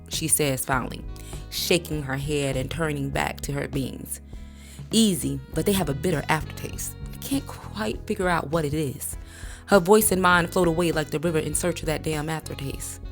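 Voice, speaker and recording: A woman reading a memoir aloud in a measured, even audiobook narration. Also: sits low. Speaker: book reader.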